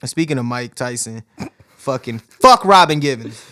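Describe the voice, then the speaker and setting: A man's voice: mid-range voice, animated, normal speed, fairly bright tone. A young man co-hosting a podcast in casual chat, laid-back, swearing often and laughing. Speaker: podcast co-host.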